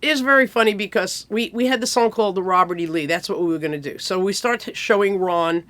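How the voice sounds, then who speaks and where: A woman in her sixties telling lively stories from her music career, acting out people as she goes. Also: mid-range voice. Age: 60s. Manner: animated, acts out people in quick impressions. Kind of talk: casual storytelling.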